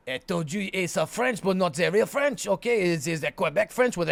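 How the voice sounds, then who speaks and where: A man's voice: high-pitched, quick pace, creaky, few pauses, no echo. A man streaming live, telling a story casually, with lots of swearing, repetition and restarts. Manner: profane, rambling, animated, repetitive.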